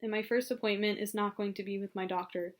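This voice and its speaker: A woman voicing an angry, blustering older male climbing client who shouts his complaints. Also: medium pitch, steady tone, fast, natural voice.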